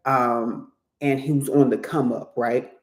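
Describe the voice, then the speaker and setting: A tarot reader in a casual reading, chatty and quick to laugh, often slipping into little acted-out voices. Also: medium pitch, fairly even intonation. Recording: roomy echo.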